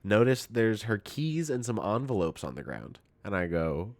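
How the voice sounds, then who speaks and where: A man's voice: on the low side, lively intonation, moderate pace, hardly any pauses, dry recording. A man streaming a game, a little tipsy, chatting casually and telling rambling, profane stories. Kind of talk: casual chat while gaming.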